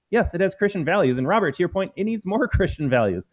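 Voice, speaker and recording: A man's voice: high-pitched, lively intonation, fast, hardly any pauses, darkish tone. A man hosting a live political commentary stream, talking in an emphatic, combative way and calling his viewers folks. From United States. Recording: slightly dull lo-fi stream audio.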